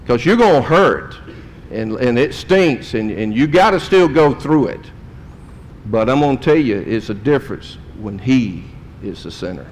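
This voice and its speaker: A man preaching a sermon, in folksy storytelling that swings between loud and quiet. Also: animated, unhurried. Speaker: pastor. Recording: long hall reverb, faint rumble.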